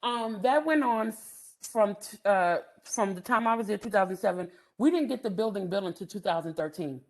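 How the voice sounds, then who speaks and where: Lively middle-aged woman telling a story. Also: mid-range voice, moderate pace. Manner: animated, laughs often, many "um" fillers. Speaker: housing development speaker. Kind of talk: storytelling lecture.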